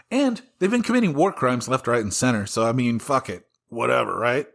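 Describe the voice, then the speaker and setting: On his own podcast, a Southern-accented man delivers a solo political commentary, ranting with anger, profanity and exasperation. His voice is medium-pitched, gravelly and a touch bright, and though expressive, he never rushes.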